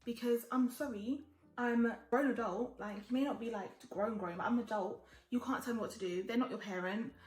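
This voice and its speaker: A woman's voice: on the high side, brisk, darkish tone, roomy sound. A woman in her twenties chatting casually while getting ready, giving blunt, emphatic advice and swearing freely. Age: 20s. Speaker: lifestyle vlogger. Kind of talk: casual get-ready-with-me chat.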